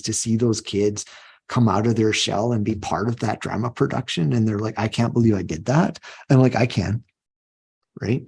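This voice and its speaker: A man's voice: lowish voice, creaky, mellow, breathy edge. A middle-aged man, a union president, talking earnestly in a podcast interview and often repeating words as he thinks. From Canada.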